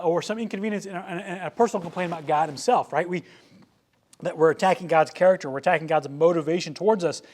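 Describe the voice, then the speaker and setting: A young man preaching a sermon to young adults, animated and joking, with frequent storytelling asides. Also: on the high side. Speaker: youth pastor.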